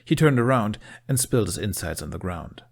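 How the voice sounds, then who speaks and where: A man narrating a fan fiction audiobook. His low voice carries the story with expressive, steady storytelling. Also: fairly quick, vocal fry.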